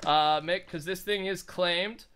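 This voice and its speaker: A young man talks through a gameplay session in an excitable, rambling, jokey way. His voice sits high and sounds bright and edgy. Every word comes through smooth and clean. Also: measured pace. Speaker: gaming channel host. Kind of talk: casual gameplay commentary.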